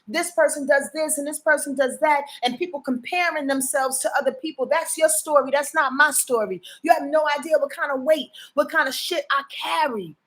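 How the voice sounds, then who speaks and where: Woman astrologer, live-stream host. Higher voice, punchy, profane, sermon-like asides to her viewers. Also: fairly bright tone. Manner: emphatic, profane and preachy, often asks the audience to confirm. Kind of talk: casual live-stream talk.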